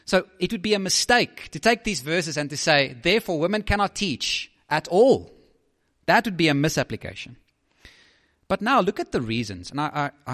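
A man's voice: a little high, a bit bright, in a large hall. A man preaching a sermon as a pastor, emphatic, often putting questions to the listeners.

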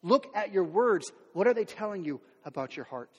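A man's voice: high-pitched, animated, normal speed, breathy edge. A man preaching a sermon as pastor, speaking candidly and conversationally, with many fillers and restarts. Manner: acts out quoted voices of everyday people. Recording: long hall reverb.

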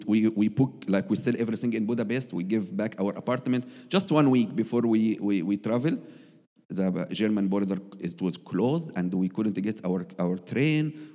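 A man's voice: fairly low pitch, mellow, long reverb tail. A man, telling his personal testimony as a missionary in earnest, broken English with frequent restarts. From Egypt.

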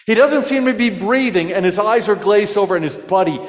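A man preaching in a church, telling jokes with a lively storyteller's delivery. His voice sits fairly high for a man, and the sound rings with a long hall reverb. He turns to the congregation with questions. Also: fairly quick. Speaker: pastor. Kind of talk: sermon with jokes.

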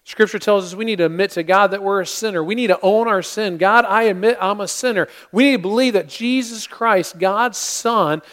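A male pastor delivering a Christmas-season sermon in earnest tones, with dramatic pauses, telling a story with acted-out voices. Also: sits high, a bit bright. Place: church sanctuary.

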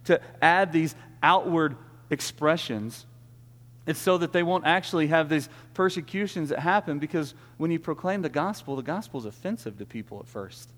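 A man's voice: fairly high pitch, expressive, moderate pace, a bit bright. Man preaching in a reverberant hall. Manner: earnest preaching with repeated restarts. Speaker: pastor. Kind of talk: sermon.

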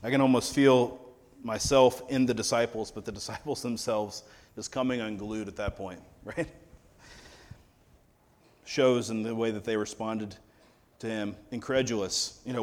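A man's voice: on the low side, fairly even intonation, moderate pace, pauses often, darkish tone. A man preaching a sermon in a conversational, wry storytelling manner. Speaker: pastor.

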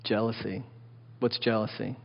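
A male pastor preaching a sermon in an animated way, often putting questions to his congregation. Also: on the low side, normal speed, creaky. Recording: dull lo-fi sound with long hall reverb.

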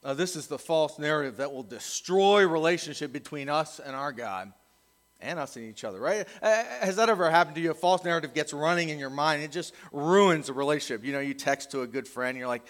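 A man's voice: a little high, a little fast, fairly bright tone, big-room sound. A middle-aged male pastor preaching a conversational sermon, acting out the voices he quotes.

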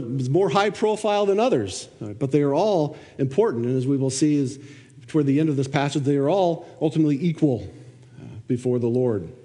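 In a church hall with long reverb, a man with a mellow, medium-pitched voice reads scripture aloud during his sermon. He then explains the passage by asking questions.

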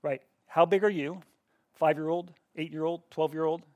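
A man's voice: on the high side, steady tone, moderate pace, a little mellow, dry recording, lo-fi sound. A middle-aged man teaching a Bible class in a conversational way, asking the students questions and often restarting his sentences.

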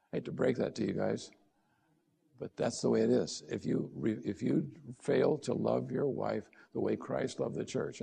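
A man's voice: medium pitch, vocal fry, mellow, husky. A middle-aged man preaching a sermon as a pastor, conversational and direct, posing questions to his listeners.

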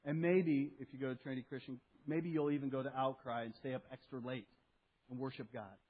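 A man preaching a sermon as pastor, animated and acting out what people say, often repeating his phrases. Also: mid-range voice, a little fast, narrow, tinny audio. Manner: animated, acts out quoted speech, repeats phrases.

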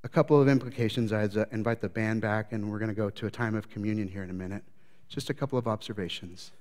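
A man preaching a sermon as pastor, swinging between loud, lively retellings and low, quiet reflection. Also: fast. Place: church sanctuary. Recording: long church reverb.

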